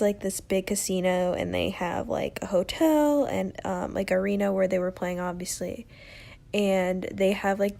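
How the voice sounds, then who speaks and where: Young adult female podcast host, chatty storyteller, mellow and slightly gravelly. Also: medium pitch. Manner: chatty, lots of "like" and "um", animated quoting. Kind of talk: casual storytelling.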